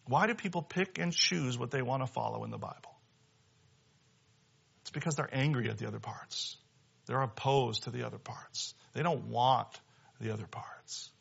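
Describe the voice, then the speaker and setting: A young male pastor delivers a sermon with animated, conversational energy. His voice is bright and forceful, swinging between loud emphasis and quiet asides. The recording sounds slightly muffled and lo-fi. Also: mid-range voice, normal speed, gravelly, slightly rough. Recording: dull lo-fi sound.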